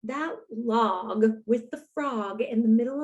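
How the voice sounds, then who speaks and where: A woman's voice: fairly high pitch, takes it slowly, a little mellow, slightly rough. A woman librarian reading a picture book aloud to children, playful and full of exclamations. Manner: playful, exclaiming to young listeners. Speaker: school librarian.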